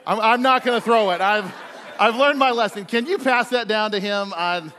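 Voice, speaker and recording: A man's voice: high-pitched, sharp tone, some chatter behind, slight background noise. A male pastor giving a casual, joking sermon to his congregation, chatty and playful with plenty of fillers. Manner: chatty and playful, with frequent fillers and quick jokes. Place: large church sanctuary. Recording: long hall reverb from a large church.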